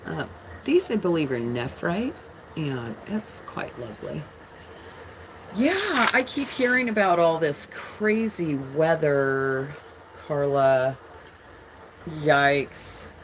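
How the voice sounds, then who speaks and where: A woman with a low voice hosts a jewelry live stream at an easy, unhurried pace. She chats casually and greets viewers by name between pieces. A faint noise sits under her voice. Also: animated. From England. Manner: chatty, reads viewer comments aloud while showing jewelry.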